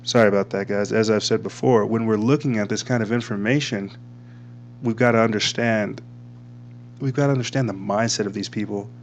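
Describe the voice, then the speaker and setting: A rambling male host with a somewhat low voice talks casually and often trips over his own words. A faint electrical hum sits under the recording. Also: steady tone, fairly quick. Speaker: podcast host. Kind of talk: casual commentary reading from screen.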